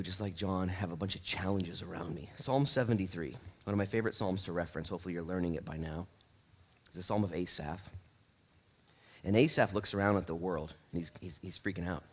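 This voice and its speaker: A man pastor giving a casual, animated sermon in church, laughing and acting out little asides. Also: low voice, brisk.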